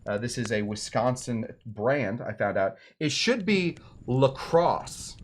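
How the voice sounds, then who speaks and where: A man's voice: mid-range voice, sing-song, unhurried. A man hosting a cocktail show, talking casually with rambling, self-deprecating jokes and asides. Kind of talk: casual comedic how-to talk.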